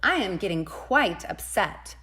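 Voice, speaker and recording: A fussy little rosebud girl who wants her quiet, as a woman reading a storybook puts her on. She protests emphatically and indignantly, her pitch swooping up and down with lively expression. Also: a little slow, slightly rough, exaggerated voice. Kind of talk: storybook read-aloud.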